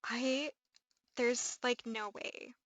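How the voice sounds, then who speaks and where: A young woman with a Midwestern accent chatting on a live stream, excitable and gushing, rambling with lots of fillers. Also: a little high, drawn-out words, no echo, low-quality recording. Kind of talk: casual live-stream chat.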